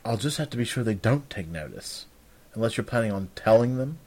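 Brief: cheeky, teasing young adventurer woman, read by a man with a husky voice, rising bright and lively. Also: fairly low pitch, a little fast.

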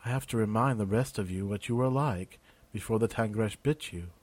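A man voicing a kindly male healer who talks gently, slowly and reassuringly. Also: fairly low pitch, no echo, lightly acted. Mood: soothing.

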